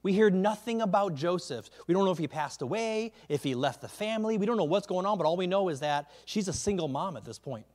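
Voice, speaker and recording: A man preaching a sermon in a conversational way, often checking in with the listeners and dropping to a hush on key words. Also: high-pitched, animated, fairly quick, hardly any pauses. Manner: conversational, keeps asking the crowd "right?"; drops to a quiet, hushed delivery on key words. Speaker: pastor.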